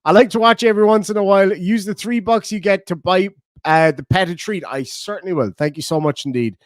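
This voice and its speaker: A man's voice: high voice, a little fast, no echo, studio quality. An Irish man streaming live, reading out donation messages in casual, bantering chat, swearing and laughing often.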